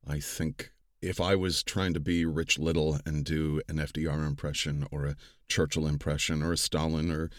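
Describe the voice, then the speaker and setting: A man with a deep, low-set voice speaks in a measured, thoughtful way about his craft as an audiobook narrator. The sound is dry and close, with almost no room around it. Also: no room sound. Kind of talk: reflective interview talk.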